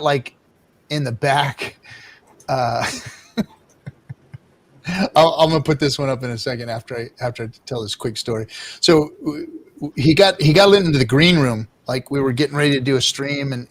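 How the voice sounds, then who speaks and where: A man's voice: medium pitch, a bit bright. Rambling, cussing male stream host. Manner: rambling, profane, laughing storyteller. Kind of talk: casual live-stream chat.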